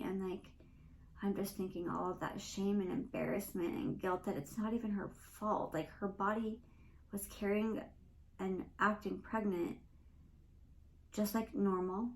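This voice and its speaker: A woman's voice: medium pitch, vocal fry, a little hiss or hum, rough recording. A young woman hosting a podcast, talking earnestly and emotionally in a rambling personal monologue. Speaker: podcast host.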